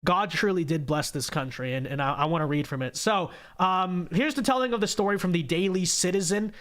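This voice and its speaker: A man's voice: high-pitched, brisk, a bit bright. A congested man hosting a political livestream, ranting emphatically with repetition and sarcasm.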